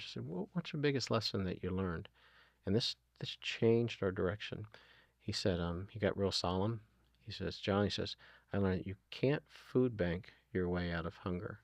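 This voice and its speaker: Appearing as a guest, this middle-aged food nonprofit founder talks with real sincerity, his fairly low voice carrying vocal fry and moving fairly quickly. His recounted conversations are full of "you know" and "um," captured without any echo.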